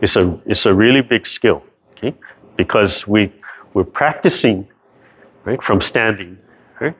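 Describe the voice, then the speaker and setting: A man's voice: lowish voice, a little slow, husky. A man teaching a tai chi class over a video call, explaining carefully and checking in with "right?" after almost every point. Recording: dull lo-fi video call audio.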